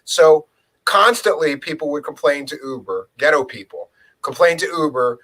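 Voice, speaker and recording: A man's voice: on the high side, expressive, moderate pace, fairly bright tone, rough recording. A man chatting casually and bluntly, swearing and quoting people in his stories. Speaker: co-host, former rideshare driver. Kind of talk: casual storytelling chat.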